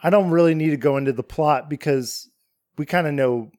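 A man with a somewhat high voice chats casually on a podcast, enthusiastic and swearing without a thought. The sound is dry and close, with no room echo. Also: brisk, darkish tone. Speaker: podcast co-host. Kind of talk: casual chat.

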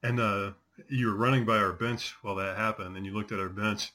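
A man's voice: fairly low pitch, steady tone, fairly quick, sharp tone. A man in his forties chatting casually as a host, telling rambling stories with many fillers. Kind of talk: casual chat.

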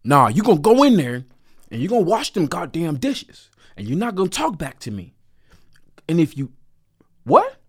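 A man's voice: a little high, huge pitch swings, normal speed, pauses often, breathy edge, voice pushed up, heavily acted. A man doing his furious, barking father. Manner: barking, bossy, shouting orders. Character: furious domineering father, middle-aged man.

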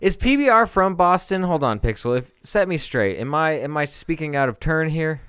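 A man's voice: fairly high pitch, moderate pace, clean tone, no echo, studio quality. A man co-hosting a casual podcast, teasing friends and swearing. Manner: animated, profane, teasing. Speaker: podcast co-host. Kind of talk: casual chat.

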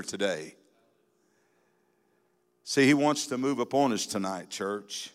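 A man preaching a sermon in a church, building from steady teaching into fervent, emphatic exhortation. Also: on the low side, slow pace, pauses often. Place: church sanctuary. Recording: long reverb in a hall.

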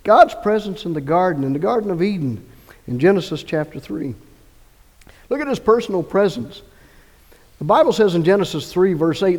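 Male pastor, higher register, emphatic preaching delivery; long church reverb. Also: expressive, moderate pace, darkish tone. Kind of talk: sermon. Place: church sanctuary.

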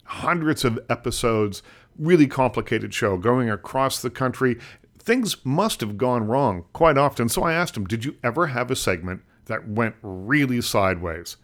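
A male interviewer with an ordinary, mid-pitched voice, asking measured questions and bridging segments in a plain, attentive way. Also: expressive, a bit bright. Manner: attentive, laughs along, short affirmations. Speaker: interviewer, host. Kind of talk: interview questions and voice-over links.

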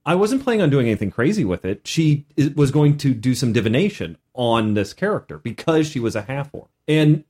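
A man hosting a casual podcast as a game master, animated, with many restarts. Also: mid-range voice, fairly quick, hardly any pauses.

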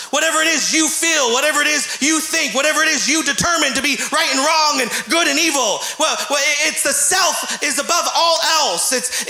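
A man preaches with a very high, piercing, bright voice and keeps up an impassioned drive that swells into shouts. He acts out scripture in small character voices as he goes. The sound carries the echo of a roomy church. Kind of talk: sermon.

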